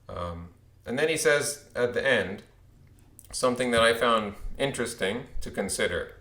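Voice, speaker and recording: A man's voice: mid-range voice, moderate pace, sharp tone, reverberant. A man hosting his own video, telling a story in a rambling way and then reading a text aloud. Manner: rambling, with restarts and sarcastic asides. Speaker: video host.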